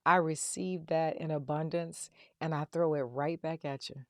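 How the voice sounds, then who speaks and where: A woman's voice: deep voice, steady tone, moderate pace, dry recording, clean studio sound. A woman hosting an interview, talking affectionately and calling her guest "baby" and "girl". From a self-described country girl. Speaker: podcast host. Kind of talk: warm heartfelt interview chat.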